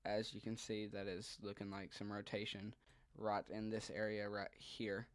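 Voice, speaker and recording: A man's voice: lowish voice, completely flat delivery, moderate pace, no echo. A man giving live commentary on a weather radar stream, thinking aloud hesitantly with frequent ums.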